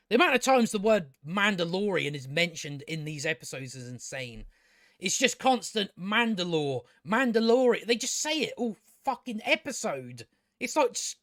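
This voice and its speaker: A man's voice: high-pitched, a bit bright, dry recording, clean studio sound. A man giving a casual spoken review, sarcastic and exasperated, rambling with restarts and swearing. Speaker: video reviewer.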